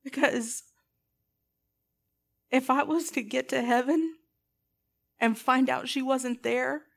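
A woman's voice: high voice, slow pace, gravelly. A woman preaching a sermon in an earnest, impassioned way, putting pointed questions to her listeners.

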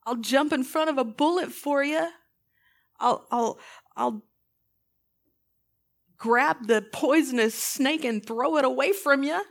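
A woman's voice: high-pitched, slow pace, gravelly, pauses often. A woman preaching a sermon in an earnest, impassioned way, putting pointed questions to her listeners.

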